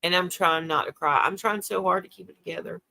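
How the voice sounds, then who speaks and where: Older woman hosting her own livestream, gravelly and bright, emotional and chatty. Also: on the low side, fast, a little hiss or hum. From South Carolina. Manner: emotional, tearful, reads and answers viewer comments. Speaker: livestream host. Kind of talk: casual livestream chat.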